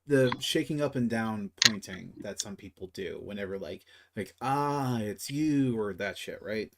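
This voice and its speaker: A man's voice: lowish voice, moderate pace, heavy background noise. A man running a tabletop game as game master, narrating casually with swearing and lots of fillers. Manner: casual and profane, with many fillers.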